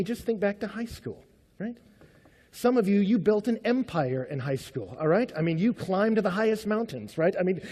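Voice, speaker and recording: A male pastor preaches with a high, lively voice that swings up and down. His tone is a little husky, and the sound rings with the long reverb of a large church auditorium. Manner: conversational, animated preaching with rhetorical questions. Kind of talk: sermon.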